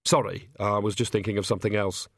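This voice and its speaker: A man's voice: on the low side, fairly even intonation, quick pace, dry recording, studio quality. A man voicing a nervous young male priest who stammers and apologizes. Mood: flustered.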